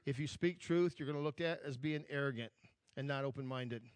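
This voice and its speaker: A man's voice: mid-range voice, fairly quick, clean tone, no echo. A man preaching a sermon as pastor, earnest and building force when he quotes scripture, often repeating himself and asking "amen?". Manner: repeats words, frequent "amen?" to the congregation.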